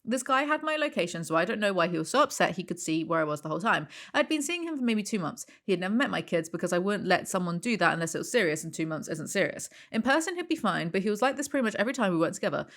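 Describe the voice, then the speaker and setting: A woman in her thirties reading Reddit posts and text messages aloud, sarcastic, deadpan and swearing freely. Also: fairly low pitch. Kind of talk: casual reaction commentary.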